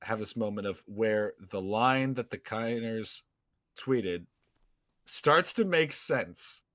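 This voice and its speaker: A man hosting a casual podcast chat, excitable and quick to laugh. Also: on the low side, no room sound. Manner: excitable, laughs often, shouts quoted lines. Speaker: podcast host.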